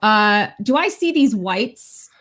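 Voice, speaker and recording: A woman playing a tabletop roleplaying game, describing her character's plans in an excitable way. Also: mid-range voice, slow. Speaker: player. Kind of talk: in-game planning.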